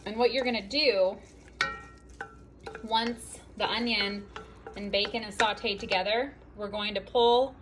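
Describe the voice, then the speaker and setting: A woman's voice: mid-range voice, steady tone, measured pace, pauses often, a little hiss or hum. A woman hosting a casual home cooking video, chatty and bubbly with playful asides, in her home kitchen.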